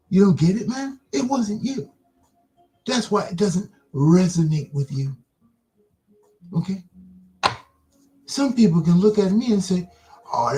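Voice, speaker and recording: A man hosting an online broadcast, delivering an impassioned religious monologue with rapid-fire rhetorical questions that taunt the listener. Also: a little high, warm tone.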